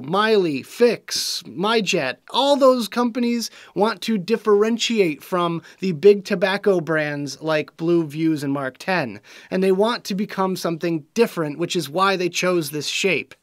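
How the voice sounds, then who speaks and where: Frustrated, ranting high-voiced man. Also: no echo, clean studio sound. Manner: frustrated, ranting, sarcastic about news coverage. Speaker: vape show host. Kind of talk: casual video commentary.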